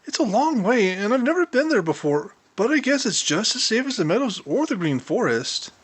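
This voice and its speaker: A man's voice: high-pitched, big pitch swings, moderate pace, breathy edge, pitched above the performer's own voice, exaggerated voice. Peter Rabbit, put on by a man, chirpy storybook bunny. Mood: eager. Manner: coaxing, chirpy. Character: gentle kindly male rabbit, bold and cheerful. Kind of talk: storybook character voice.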